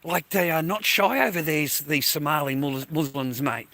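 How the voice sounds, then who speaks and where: A man's voice: fairly high pitch, moderate pace, creaky, sharp tone, no room sound. Rambling, crude Australian man vlogging. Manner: rambling, crude and chatty, full of fillers like "mate" and "you know". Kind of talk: rambling casual vlog. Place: outdoors, walking through a neighbourhood.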